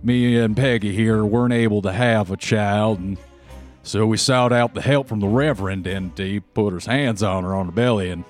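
A bashful, nervous husband with an American Southern accent, as a man puts him on in a tabletop game. He speaks a little lower than the performer's usual voice, halting and sheepish. Faint music plays behind. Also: fairly even intonation, natural voice.

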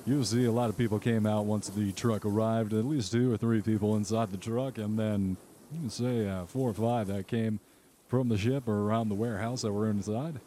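Man as game master, low mellow voice, relaxed, filler-heavy, faint room hum. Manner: relaxed, halting narration with many fillers. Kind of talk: narrating a tabletop game.

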